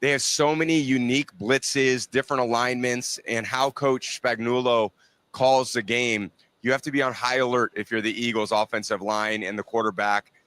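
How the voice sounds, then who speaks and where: A man who works as a sports broadcaster, giving measured interview answers in a played clip. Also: mid-range voice, fairly even intonation, fairly bright tone, clear, resonant tone, dry recording.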